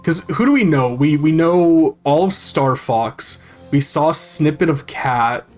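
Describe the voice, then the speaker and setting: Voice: mid-range voice, lively intonation, a little slow, a little mellow, faint music behind. A game streamer chatting casually while playing, rambling and swearing freely as they read and answer chat.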